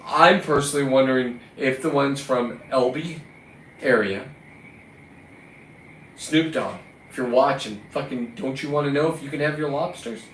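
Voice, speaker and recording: The audio is roomy, from a distant mic with faint ambient noise, as a California lobster fisherman scolds his caught lobsters in a combative, profane vlog rant. His medium-pitched voice is a bit bright, at a moderate pace with long pauses.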